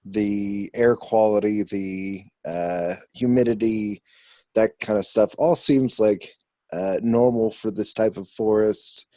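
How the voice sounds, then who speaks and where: A man's voice: fairly low pitch, steady tone, takes it slowly, darkish tone, no room sound. A man playing a tabletop role-playing game, describing his character's actions with many hesitations. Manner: hesitant, full of restarts and fillers. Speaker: player.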